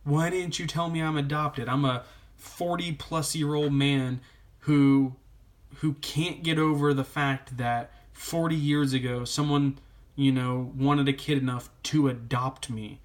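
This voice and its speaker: A man's voice: medium pitch, steady tone, unhurried, lightly acted. A man doing a whiny, self-pitying grown man. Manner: whining, complaining.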